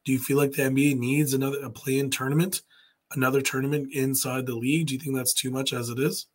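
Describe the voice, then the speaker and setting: A man's voice: mid-range voice, flat delivery, quick pace, slight background noise. A man co-hosting a podcast, chatting loosely about sports and putting questions to the others. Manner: loose, rambling, asks the panel questions. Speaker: podcast co-host. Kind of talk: casual sports chat.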